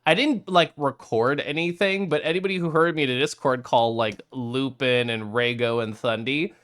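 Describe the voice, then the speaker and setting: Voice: mid-range voice, moderate pace, a bit bright. A streamer chatting casually on a live stream, reading out viewer messages, greeting viewers and laughing often.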